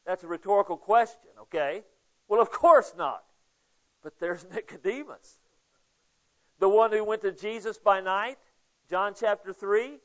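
A man's voice: sits high, measured pace, pauses often. A man preaching a casual, conversational Bible study sermon, asking listeners questions by name. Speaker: pastor. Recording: dull lo-fi sound.

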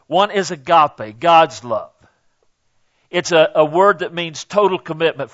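A high-pitched man preaching a conversational sermon, tagging his points with "okay?" and pushing up for emphasis on the big questions. The recording is dull and lo-fi. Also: a bit bright. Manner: rises emphatically on key questions, drops low on asides. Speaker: pastor.

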